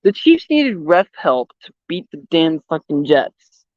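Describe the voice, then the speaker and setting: A young man with a slightly high voice rants on a stream, blunt and full of swearing. His sound is dull and a bit lo-fi, with a dry close mic. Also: big pitch swings, unhurried, no echo. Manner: blunt, profane, opinionated sports talk. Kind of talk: casual chat. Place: outdoors. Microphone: voice call or stream mic.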